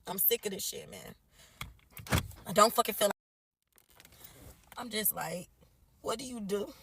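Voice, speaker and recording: Against a noisy background, a young American mother with a medium-pitched voice speaks a little slowly into her phone camera from her car. Posting a social media video, she vents tearfully and exasperatedly, swearing heavily.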